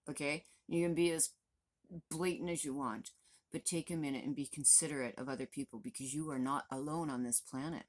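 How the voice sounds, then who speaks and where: Very deep-voiced ranting woman in her 50s. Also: steady tone, brisk. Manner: blunt, profane, exasperated. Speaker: vlogger. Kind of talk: angry direct-to-camera rant.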